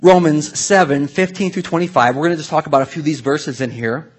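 A man's voice: on the high side, fast talker, slightly rough. A man preaching a sermon in a conversational, storytelling way, full of asides to the congregation. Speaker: pastor.

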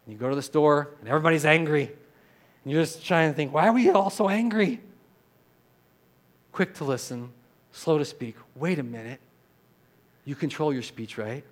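A man's voice: on the high side, a little fast. Earnest male pastor preaching. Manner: earnest, swings from quiet reflection to loud emphatic repetition; leads the congregation in call-and-response. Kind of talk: sermon.

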